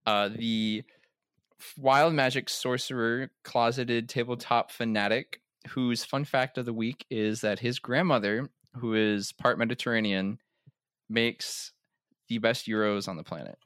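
A man's voice: mid-range voice, steady tone, unhurried, a bit bright, clear, resonant tone, dry recording. A man playing on a tabletop game podcast, easygoing and teasing. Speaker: podcast player. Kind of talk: casual podcast banter.

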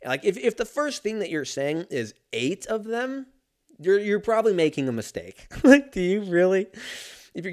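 A man's voice: high-pitched, very animated, normal speed, a little mellow. A young man in a casual comedic rant, profane and rambling, jumping into mock voices of people he quotes.

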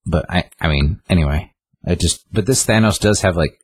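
A man with a very deep voice and a husky, grainy edge talks casually about comic books. He retells scenes loosely, with fillers, and now and then lifts his voice to quote a character. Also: normal speed. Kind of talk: casual comic book discussion podcast.

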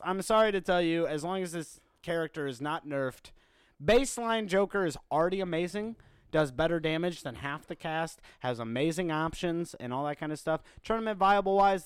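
Man, podcast co-host, casual gaming chat, enthusiastic, cursing, smooth voice, dry sound. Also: fairly high pitch, no echo.

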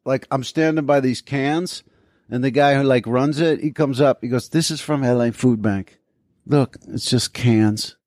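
A man's voice: medium pitch, measured pace, a little mellow, no echo, clean studio sound. A man co-hosting a podcast in casual chat, rambling through anecdotes and acting out the people in them. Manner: rambling storyteller, acts out quoted people. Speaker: podcast co-host.

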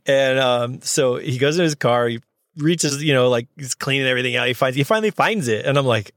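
A man who works as a notary, casually telling a personal story in an animated way and acting out both sides of the conversations. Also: mid-range voice, moderate pace, no room sound, studio quality. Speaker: notary signing agent.

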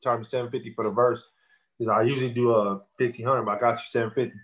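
Laid-back profane rapper. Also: male voice, medium pitch, fairly even intonation, racing. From Texas. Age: 30s. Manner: loose, profane storytelling with many fillers. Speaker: rapper guest. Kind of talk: casual interview.

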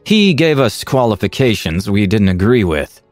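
A man voicing a curt, sharp-tongued female ranger who serves as a bodyguard. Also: on the low side, sing-song, normal speed, no room sound, soft background music. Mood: blunt. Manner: curt, blunt.

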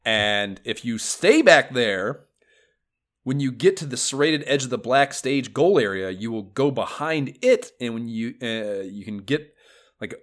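A man's voice: medium pitch, animated, unhurried, fairly bright tone. Guy on a gaming podcast, rambling, swears a lot, voice jumps all over the place. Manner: rambling, enthusiastic, swears freely. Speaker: podcast co-host. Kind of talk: casual gaming podcast chat.

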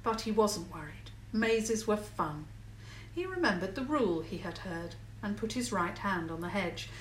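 Calm woman reading a children's story. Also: mid-range voice, moderate pace, echoey room, distant mic, a little hiss or hum, poor audio.

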